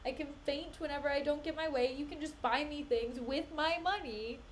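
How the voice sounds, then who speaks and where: A young woman streaming a play reading, breaking off into animated, exasperated rants and laughter. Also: high voice, moderate pace, a little hiss or hum. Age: young adult. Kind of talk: casual live-stream commentary.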